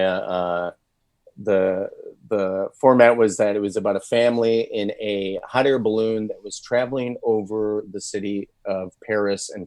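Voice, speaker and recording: Low-voiced man telling studio stories. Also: darkish tone, no echo. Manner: rambling storyteller with frequent restarts and laughs. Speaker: voice actor guest. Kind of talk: casual interview chat.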